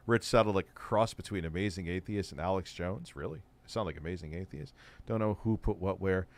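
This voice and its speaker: A man's voice: low-pitched, moderate pace. A man hosting an online show, giving casual, sarcastic commentary on clips. He sounds exasperated and swears freely. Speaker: host.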